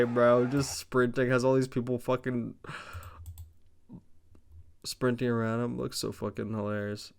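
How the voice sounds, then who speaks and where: A young man casually recapping a wrestling show, rambling, excited and profane. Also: mid-range voice, a little slow, creaky, long pauses, a little hiss or hum. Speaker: wrestling reviewer.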